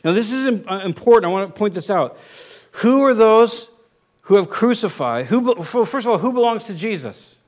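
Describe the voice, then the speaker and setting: A man preaching in an informal, conversational way, often pausing to check in with his congregation. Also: sits high, animated, a little mellow. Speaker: pastor. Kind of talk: conversational sermon.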